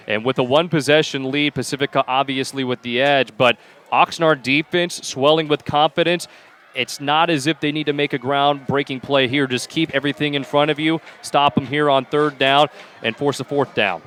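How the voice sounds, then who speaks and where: Male play-by-play caller, mid-pitched, measured and stat-minded, outdoor stadium with faint background noise. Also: steady tone, a bit bright. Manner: measured, stat-heavy calls that rise in pitch on big plays. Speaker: play-by-play announcer. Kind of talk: play-by-play sports commentary. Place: outdoor high school football stadium.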